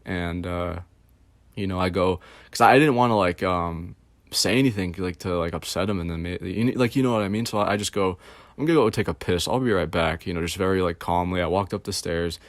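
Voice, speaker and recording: A man with a deep, low voice tells a story in a loose, rambling way, swearing often and leaning on fillers. The sound is dry and close, with no room echo. He speaks in a casual, offhand manner. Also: a little fast. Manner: rambling and profane, heavy fillers. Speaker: channel host.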